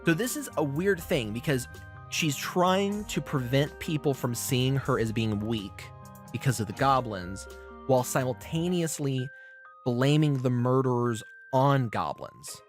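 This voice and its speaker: A man hosting a podcast, recapping a show in a casual, profane, animated way. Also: medium pitch, unhurried, faint music behind. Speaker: podcast host.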